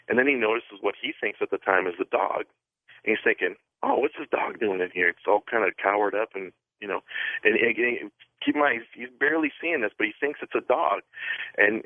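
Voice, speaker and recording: A man from the Pacific Northwest calling into a radio show, telling a story in a halting way, restarting and repeating words. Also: on the low side, no echo. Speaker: caller. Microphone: telephone. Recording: narrow phone line.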